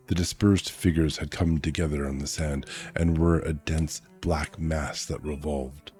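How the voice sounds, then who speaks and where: A man's voice: extremely low pitch, fairly even intonation, measured pace, hardly any pauses, a little mellow, soft background music. A man streaming a casual read-aloud of a novel, chatting in asides and correcting his own slips.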